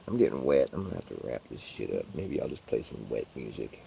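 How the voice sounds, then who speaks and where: Man, livestream host, profane, rambling, lively swooping voice, outdoors in rain. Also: very deep voice, quick pace, gravelly, very noisy. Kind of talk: casual livestream chat. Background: guitar music.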